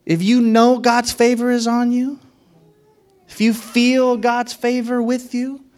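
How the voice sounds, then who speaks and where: A man's voice: very high voice, little pitch movement, slow pace, darkish tone. A man preaching a sermon as a pastor, in a conversational and playful way, often laughing and acting out what others said.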